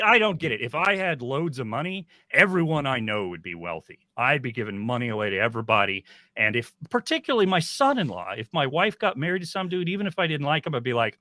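A man's voice: fairly high pitch, sing-song, fast, bright, forceful tone, no echo. A man co-hosting a casual film podcast, chatty and given to teasing anecdotes. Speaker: podcast co-host.

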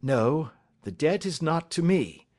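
A man voicing a composed, stern male detective in an audiobook, deliberate and authoritative. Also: a little high, sing-song, a little mellow. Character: calm, stern male detective, measured and assured. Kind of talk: audiobook character reading.

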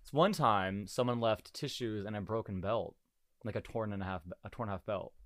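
Animated young man telling stories. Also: fairly low pitch, normal speed, no echo, clean studio sound. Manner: animated storytelling, laughing, acting out quotes. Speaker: podcast host. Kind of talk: casual chat.

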